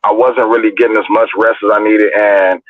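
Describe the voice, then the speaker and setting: A man's voice: on the low side, a little fast, dry recording. Man telling stories over a tinny line. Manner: profane, animated storytelling. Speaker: livestream host. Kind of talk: casual storytelling chat. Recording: dry, tinny phone-like audio.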